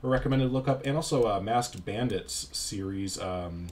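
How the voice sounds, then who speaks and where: A man's voice: on the low side, brisk, hardly any pauses, darkish tone. A young man casually commenting over his gameplay, rambling and self-deprecating, with lots of filler words. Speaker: YouTuber.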